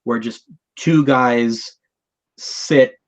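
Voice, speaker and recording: A man's voice: mid-range voice, drawn-out words, low-quality recording. A man hosting a live podcast chat, talking casually and thoughtfully. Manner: thoughtful, rambling with fillers. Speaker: podcast host.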